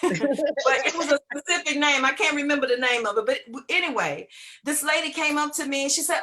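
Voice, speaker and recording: A woman's voice: high voice, unhurried, sharp tone. A woman giving an inspirational talk as a guest speaker, preachy and repetitive, often searching for words and laughing easily.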